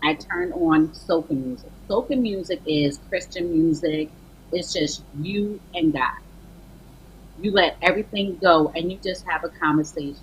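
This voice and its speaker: A woman author guest on a morning TV show, telling faith stories in a lively way and acting out her talks with God. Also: on the low side, normal speed, slight background noise, poor audio. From Barbados. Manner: lively storytelling, acts out dialogues with God, exclamations. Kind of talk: animated faith talk on morning TV. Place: TV studio.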